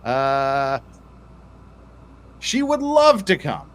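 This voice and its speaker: A man's voice: mid-range voice, very animated, very slow. A man hosting a casual livestream, reading out super chats and joking with his co-host in playful banter.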